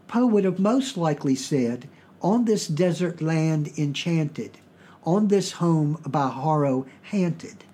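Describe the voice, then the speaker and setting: Southern guy from virginia hosting a podcast, husky voice, kinda high, plain measured explaining. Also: mellow. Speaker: podcast host.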